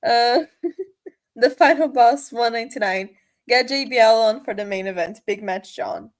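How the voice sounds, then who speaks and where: A woman's voice: on the high side, measured pace. A female co-host chatting easily on a podcast and reading viewer donations aloud. Her voice sits a bit above the typical woman's. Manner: easygoing, reads out viewer donations. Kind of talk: casual podcast chat.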